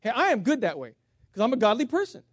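A man preaching as a pastor, animated and humorous, jumping between loud emphasis and quiet asides. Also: very high voice, fast talker, dry recording, clean studio sound. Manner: humorous storytelling with self-mockery. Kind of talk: sermon.

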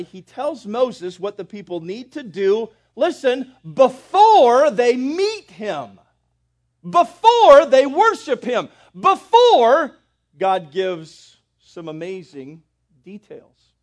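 A man's voice: high-pitched, moderate pace. A pastor preaching a sermon, talking straight to his congregation and building in intensity.

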